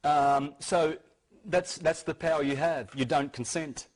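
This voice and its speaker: A man's voice: on the high side, fairly even intonation, measured pace, low-quality recording. A man giving an informal lecture to an audience, talking emphatically and insistently, often restarting and repeating words. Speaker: speaker giving a talk.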